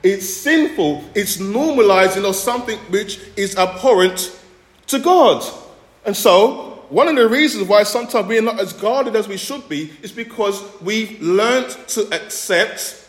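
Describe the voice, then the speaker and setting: A man from the Caribbean preaching a sermon as pastor, earnest, often restarting phrases and pausing to qualify his points. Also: high voice, lively intonation, echoey room.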